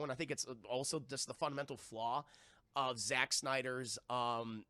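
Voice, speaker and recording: A man reviewing a film on a live stream to his chat, animated and profane, acting out scenes as he retells them. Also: medium pitch, normal speed, dry recording.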